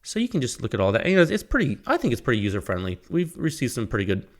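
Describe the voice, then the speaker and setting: A man's voice: mid-range voice, huge pitch swings, rapid-fire. A man hosting his own podcast, talking casually and rambling, laughing at himself as he reads his own sponsor plug. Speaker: podcast host. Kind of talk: casual solo podcast talk.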